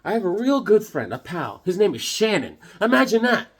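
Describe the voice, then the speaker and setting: Man, husky voice, higher pitch, rambling, jokey, casual vlog chat at home. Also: big pitch swings, brisk. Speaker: comic collector vlogger. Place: home with comic cabinets.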